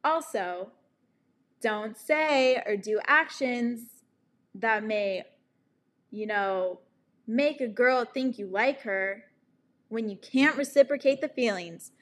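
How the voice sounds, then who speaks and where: A woman's voice: fairly high pitch, takes it slowly, pauses often, fairly bright tone. A woman in her twenties talking candidly to camera about her relationships and self-love, frank and profane, laughing at herself. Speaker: vlogger. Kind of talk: candid personal storytelling to camera.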